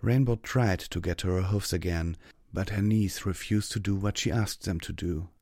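A man reading an action story aloud as narrator, in steady, even scripted narration on a close mic. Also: deep voice, moderate pace, dry recording.

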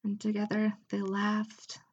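A woman reading an intimate audio story aloud, softly and often at a whisper. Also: mid-range voice, monotone, slightly rough, muffled recording. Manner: soft, slow, often whispered. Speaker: narrator.

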